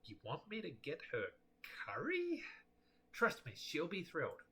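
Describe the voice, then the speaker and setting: A man's voice: a little high, wildly swooping pitch, measured pace, breathy edge, voice pushed up, full character voice. A man voicing a chatty, caring young woman who likes to tease her friend. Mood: teasing. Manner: teasing and warm.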